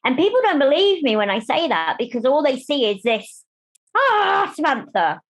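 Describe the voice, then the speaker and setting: Chatty woman with a higher voice. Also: brisk. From Germany. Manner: animated, chatty, acts out quoted voices. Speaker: guest, disability rights campaigner. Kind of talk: candid conversational interview.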